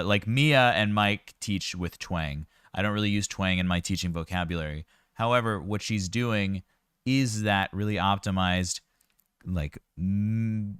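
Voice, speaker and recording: A man's voice: low voice, a bit bright, clean tone, no room sound, clean studio sound. A man working as a vocal coach, giving casual, explanatory reaction commentary and sometimes laughing at his own jokes.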